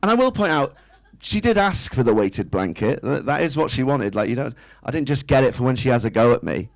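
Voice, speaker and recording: A man's voice: mid-range voice, very animated, a little fast, vocal fry, rough recording. A man, doing a stand-up set in a small club, chatty and self-mocking, tossing rhetorical questions at the crowd. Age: 30s. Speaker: stand-up comedian. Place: small indoor comedy club stage.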